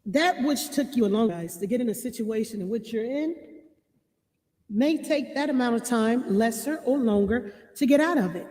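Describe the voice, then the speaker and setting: A woman giving relationship advice to her viewers, reading passages and repeating key lines slowly for emphasis. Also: fairly high pitch, lively intonation, warm tone, long reverb tail. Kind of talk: reading and commenting on a marriage book.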